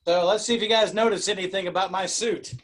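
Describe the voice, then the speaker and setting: A man's voice: sits high, steady tone, quick pace, fairly bright tone, a little hiss or hum. A man who works as a TV weatherman, joining a video call from home and chatting in a playful, jokey way. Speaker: TV weatherman guest. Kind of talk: casual guest chat on a video call.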